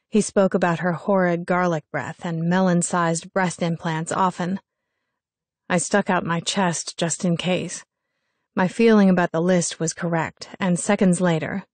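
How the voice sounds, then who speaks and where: A woman's voice: on the low side, darkish tone, no echo. Wry young woman narrating a story. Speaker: audiobook narrator. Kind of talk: first-person scripted narration.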